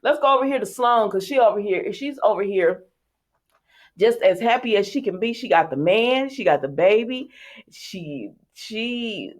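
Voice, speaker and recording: A woman hosting a soap opera recap in a chatty, casual way, retelling scenes with quick asides to her viewers. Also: medium pitch.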